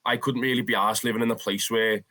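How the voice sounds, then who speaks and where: A young man with a Scouse accent, a football fan telling stories in a casual interview, animated and swearing freely. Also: medium pitch, fast. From Liverpool, England. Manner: animated, swears freely, calls the listener "lad".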